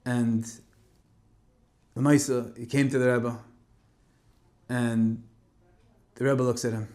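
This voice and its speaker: A man's voice: mid-range voice, little pitch movement, slow. Man telling a story in a sermon. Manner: dramatic, swinging between loud emphasis and hushed tones. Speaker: speaker giving a Torah talk.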